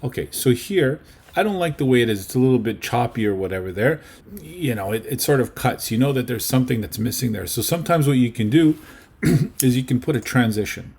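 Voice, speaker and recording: A male teacher walks his class through video editing in a loose, chatty way. His voice is a little husky and sits in a middle pitch. He keeps checking in with his students as he goes. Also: expressive, brisk, darkish tone. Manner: chatty, checks in with okay and right. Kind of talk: casual video-editing lesson.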